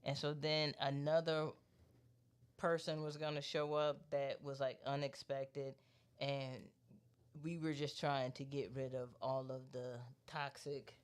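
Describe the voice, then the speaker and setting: A man co-hosting a podcast, telling a story in a loose, profane, animated way and quoting the people in it. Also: mid-range voice, unhurried, clean tone. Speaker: podcast co-host. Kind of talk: casual chat, storytelling.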